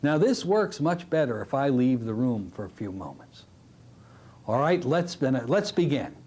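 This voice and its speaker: A middle-aged man teaching a recorded hypnotherapy lesson, telling stories from his practice in a lively way. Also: medium pitch, unhurried. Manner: animated storytelling, drops to a soft hypnotic voice when demonstrating. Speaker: hypnotherapy instructor. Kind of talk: recorded training lecture.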